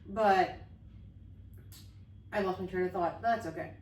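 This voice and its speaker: Woman co-host, heartfelt and earnest, lower voice, echoey room, set back from the mic. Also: measured pace, a little mellow, distant mic. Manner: earnest, open, loses her train of thought. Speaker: podcast co-host. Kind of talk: heartfelt conversation about grief.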